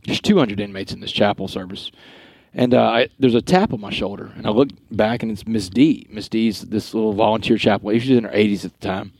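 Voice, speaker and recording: Low-voiced man telling his story. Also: brisk, gravelly, breathy edge, dry recording. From Texas. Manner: earnest, animated storytelling with quoted dialogue. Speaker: guest speaker. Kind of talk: storytelling interview.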